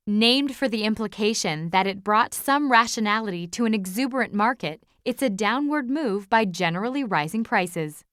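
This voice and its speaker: A woman presenting clues on a quiz show in a clear, precise scripted reading. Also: mid-range voice, expressive, moderate pace, few pauses, a bit bright, no echo, studio quality.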